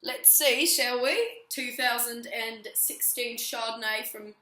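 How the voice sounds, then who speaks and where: A young woman in her twenties chatting casually to camera as a vlogger, giggly and rambling, her voice a little hoarse. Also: fairly high pitch, fairly even intonation, slow, pushed and bright. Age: 20s. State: voice going hoarse. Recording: roomy echo.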